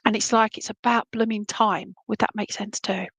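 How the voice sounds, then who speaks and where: A woman gives a live psychic reading to a single viewer, rambling warmly with endearments and often pausing to ask "would that make sense?" Her medium-pitched voice is flat and slightly breathy at a moderate pace, with no echo and poor audio quality.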